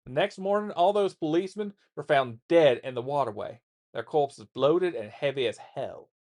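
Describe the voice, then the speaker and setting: A man voicing a gruff old war veteran father who lectures his son in a blunt, coarse, folksy way. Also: on the high side, normal speed, a little mellow, natural voice. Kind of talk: reading a letter aloud in character.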